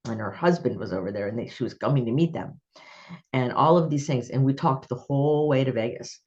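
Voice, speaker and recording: A woman's voice: very deep voice, fairly quick, a little mellow, muffled recording. A woman hosting a podcast interview, chatting and telling personal stories with frequent laughter. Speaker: podcast host. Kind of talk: conversational interview.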